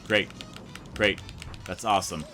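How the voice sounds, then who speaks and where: Speaking at a measured pace, a young let's play host comments casually on his gameplay in a low-pitched, bright, forceful voice with fairly even intonation. He rambles, filling each sentence with "like," over faint game music.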